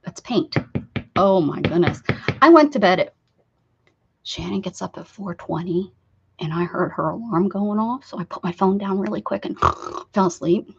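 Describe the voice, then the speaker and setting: A woman's voice: medium pitch, expressive, normal speed, creaky, long pauses, slight background noise. A woman hosting a casual art livestream, chatting and teasing herself while she crafts. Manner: chatty, giggly, self-teasing. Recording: dull lo-fi sound.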